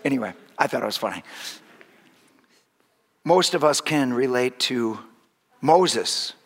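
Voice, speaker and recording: A man's voice: medium pitch, animated, unhurried, in a large hall. A man preaching a sermon as pastor, retelling stories in a conversational, humorous way with frequent restarts.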